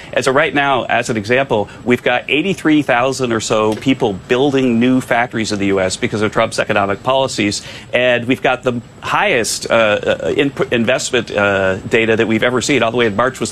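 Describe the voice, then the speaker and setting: A man's voice: mid-range voice, fairly bright tone, a little hiss or hum. A man, a government economic adviser, answering interview questions with lots of figures and frequent uh fillers. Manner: talks fast with many uh fillers, defends with data.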